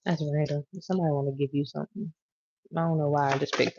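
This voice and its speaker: A woman's voice: sits low, steady tone, fast, darkish tone, muffled recording, slight background noise. A woman giving a casual tarot reading to her viewers, rambling, profane and chatty as she goes. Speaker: tarot reader.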